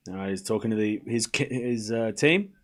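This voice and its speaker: A man's voice: lowish voice, normal speed. A man hosting a live watchalong, chatting casually with his chat, rambling with frequent fillers and restarts. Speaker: livestream watchalong host.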